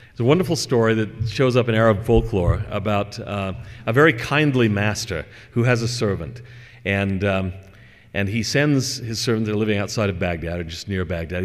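Low-voiced man lecturing in a reverberant hall. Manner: relaxed, digressive, with fillers. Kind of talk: religious lecture with scripture reading.

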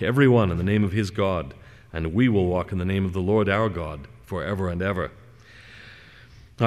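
A man giving a scripture lecture in a scholarly, digressive way with gentle humor. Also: fairly low pitch, in a large hall.

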